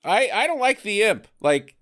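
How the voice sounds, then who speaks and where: A man's voice: high-pitched, very animated, moderate pace, a bit bright. A man co-hosting a podcast, recapping a film in casual chat, joking and laughing often. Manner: jokey, laughs often, acts out quotes. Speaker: podcast co-host.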